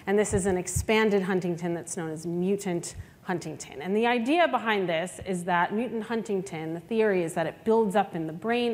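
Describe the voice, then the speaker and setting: Woman, mock news reporter voice, medium pitch, reverberant hall. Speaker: scientist giving a special report. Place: conference hall. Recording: echoey conference hall.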